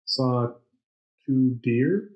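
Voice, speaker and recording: A man's voice: medium pitch, drawn-out words, darkish tone, highs cut off. A man co-hosting a podcast in casual banter, joking and laughing often. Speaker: podcast co-host. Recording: echoey room.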